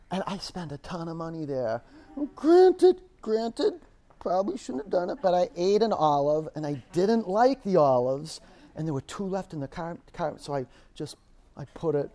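A man's voice: on the high side, warm tone. A man teaching a power yoga class in a studio, calling out counts and cues and telling rambling stories between poses.

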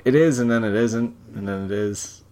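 A man's voice: lowish voice, normal speed, mellow. A man co-hosting a podcast in casual chat, with dry, teasing remarks. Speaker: podcast co-host.

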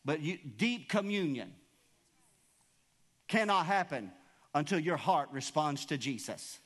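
A pastor delivers an emphatic sermon, calling out to his congregation. His voice sits high for a man. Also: expressive, unhurried, a bit bright. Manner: preachy, emphatic, calls out to congregation.

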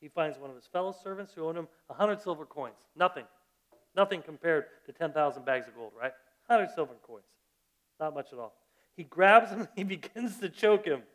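A male pastor preaching a sermon, telling a story in a lively way and often restarting his phrases. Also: on the high side, fairly quick. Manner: animated storytelling with repeated restarts.

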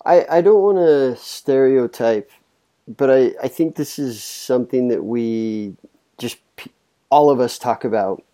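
A male host talks reflectively with a mellow, warm tone. He often repeats words as he starts his sentences. His voice sits at a middle pitch. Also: measured pace. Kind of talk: interview chat.

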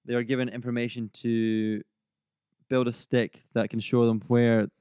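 A man eagerly telling film trivia as a podcast host, in an even middle-pitched voice with a dark, mellow tone. The sound is dry and close. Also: moderate pace, clean tone, dry recording. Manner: enthusiastic, trivia-led storytelling. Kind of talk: casual film chat.

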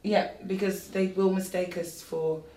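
A woman comedian hosting a casual chat, talking in a measured, thoughtful way and asking questions. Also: on the low side, little pitch movement, warm tone, a little hiss or hum. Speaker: comedian and host. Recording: roomy sound, mic at a distance.

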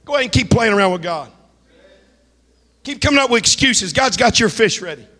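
A man preaching a sermon, fiery and shouting, often breaking into a chanted delivery. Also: high voice, lively intonation, fairly quick. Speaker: pastor. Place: church hall. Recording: reverberant church hall.

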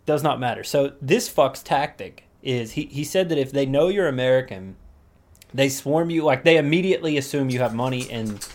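A man's voice: medium pitch, moderate pace. A man co-hosting a casual podcast with a laid-back, crude, self-mocking way of talking. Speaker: podcast co-host. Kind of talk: casual chat.

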